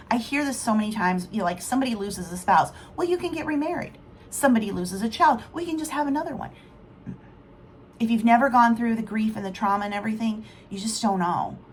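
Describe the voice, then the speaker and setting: A woman's voice: mid-range voice, slight background noise. A middle-aged woman vlogging in a candid, rambling, emotional way. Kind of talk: casual rambling vlog talk.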